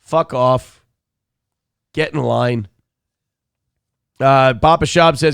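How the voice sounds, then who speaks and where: Cranky, gravelly morning show host. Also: male voice, mid-range voice, expressive, takes it slowly, long pauses, fairly bright tone, no echo, clean studio sound. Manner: crude, cranky, mocking impressions. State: sick. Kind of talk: profane live-stream commentary.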